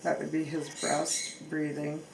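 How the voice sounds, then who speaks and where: A woman demonstrating how to trim a pet bird's wings at home, speaking haltingly with fillers and restarts. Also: sits low, completely flat delivery, gravelly, poor audio. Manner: coos softly to her bird. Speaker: bird owner demonstrating grooming. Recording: loud background noise.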